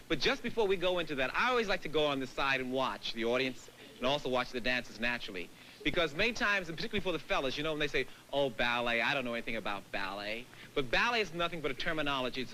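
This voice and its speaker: A man's voice: a little high, pushed and bright, slight background noise, poor audio. A man leading a dance lecture-demonstration on stage before an audience, counting beats and scatting rhythms aloud as he teaches. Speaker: dance company director.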